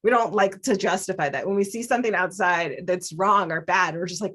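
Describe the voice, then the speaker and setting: A woman's voice: lowish voice, fairly quick, fairly bright tone. A woman hosting a podcast, chatting casually in a rambling, self-deprecating way, laughing often and using "like" a lot. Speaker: podcast host.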